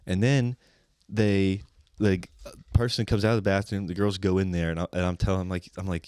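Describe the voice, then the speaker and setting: A man's voice: deep voice, fairly even intonation, a little fast, darkish tone, smooth, no room sound, clean studio sound. A young man, a guest comedian, telling a profane, ranting story in casual podcast chat.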